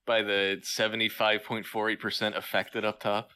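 A man's voice: on the low side, little pitch movement, moderate pace, pushed and bright, clear, resonant tone. A man co-hosting a podcast in casual chat, teasing and bantering. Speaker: podcast co-host.

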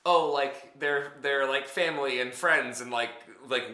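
A man's voice: medium pitch, measured pace, sharp tone, echoey room. A man co-hosting a podcast, chatting casually and rambling, hedging his points with many fillers. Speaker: podcast co-host. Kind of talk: casual chat.

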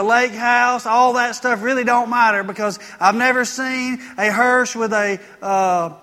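Male pastor, folksy sermon storyteller, bright tone, long hall echo. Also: extremely high pitch. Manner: folksy storytelling preacher, rising to emphatic preaching. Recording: long reverb of a church hall.

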